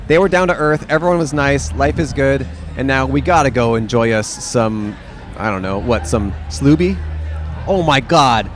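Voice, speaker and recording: A man's voice: mid-range voice, moderate pace. A man co-hosting a podcast outdoors at a music festival, joking and riffing with his partner in casual chat. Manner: jokey, banters and riffs. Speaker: podcast co-host. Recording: outdoor noise in the background.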